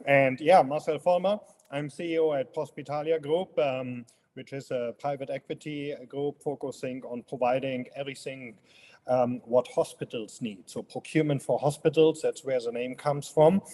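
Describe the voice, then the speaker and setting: A man's voice: mid-range voice, steady tone, moderate pace, darkish tone. A man in his fifties with a strong German accent, speaking as an interview guest, friendly and hesitant with many fillers. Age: 50s. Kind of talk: casual interview.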